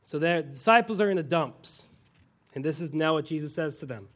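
A male pastor preaching a sermon with animated storytelling, now and then dropping suddenly to a quiet voice. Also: fairly high pitch, a little fast.

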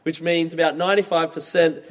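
A man in his thirties preaching a sermon, conversational and expressive. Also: on the high side, fairly quick. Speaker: pastor. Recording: long reverb from a large hall.

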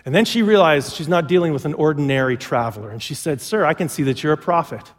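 Man, pastor, sermon, storytelling, high-pitched, lingering hall reverb. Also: quick pace. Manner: storytelling preacher, acts out quoted lines.

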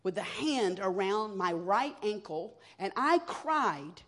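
A woman, sharing her personal testimony as a guest speaker in an earnest, expressive storytelling manner. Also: mid-range voice, takes it slowly. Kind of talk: testimony sermon.

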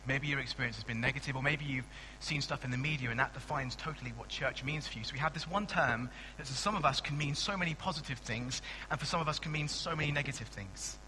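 Bright-voiced young pastor preaching. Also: male voice, mid-range voice, fast, hardly any pauses, big-room sound, a little hiss or hum, poor audio. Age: young adult. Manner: conversational and animated, with frequent restarts and playful asides. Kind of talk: sermon.

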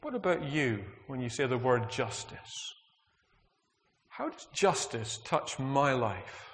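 A man's voice: mid-range voice, sing-song, slow pace, fairly bright tone. Man preaching in a reverberant church. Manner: earnest, reflective, asks the congregation questions. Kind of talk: sermon. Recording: long hall reverb.

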